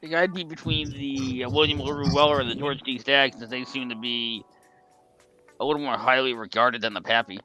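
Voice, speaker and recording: A man's voice: mid-range voice, steady tone, fairly quick, muffled recording, music in the background. A man in his forties co-hosting a casual live stream, chatting loosely, swearing freely and laughing often. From Australia. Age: 40s. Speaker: co-host of a whisky live stream. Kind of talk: casual chat.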